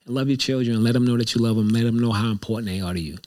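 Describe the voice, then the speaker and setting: A man's voice: mid-range voice, rapid-fire, darkish tone. Candid rambling man hosting a show. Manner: rambling, repeats himself, candid. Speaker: show host. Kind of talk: casual reflective monologue.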